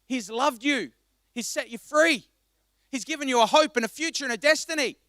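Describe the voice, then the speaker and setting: A male pastor preaching a passionate sermon, swinging between quiet reflection and loud exhortation. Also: extremely high pitch, normal speed, dry recording, studio quality. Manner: impassioned, rising to loud exhortation.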